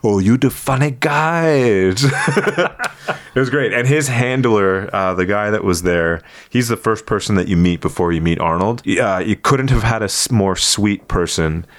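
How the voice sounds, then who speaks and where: A man in casual conversation telling a story about a meeting, animated and jumping into quoted voices as he goes. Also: on the low side, moderate pace, hardly any pauses, no room sound. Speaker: comedian and impressionist guest.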